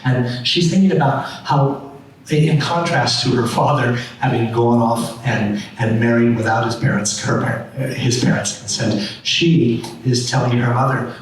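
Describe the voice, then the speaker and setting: A man's voice: mid-range voice, normal speed. A man hosting a panel discussion, rambling and restarting his sentences often. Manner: rambling, many restarts and fillers. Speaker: artistic director hosting a panel. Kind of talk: roundtable discussion. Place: large room at a public panel. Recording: echoey room, mic far off, faint noise.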